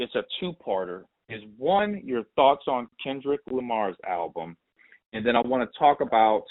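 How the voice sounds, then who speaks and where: A man hosting a podcast, chatting with enthusiasm and asking follow-up questions. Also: fairly low pitch. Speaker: podcast host. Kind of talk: casual interview chat. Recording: tinny phone-like audio.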